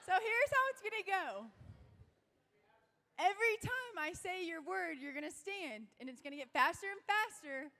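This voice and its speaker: A young woman with a sore voice leads a crowd game at a church youth event, bubbly and shouting cheers. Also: very high-pitched, animated, moderate pace.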